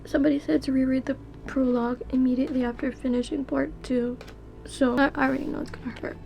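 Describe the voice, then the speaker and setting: A woman's voice: high-pitched, little pitch movement, fast talker, creaky, dull audio. A young woman vlogging her reading, reacting emotionally with frequent swearing and whispered asides. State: tearful at times. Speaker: book vlogger.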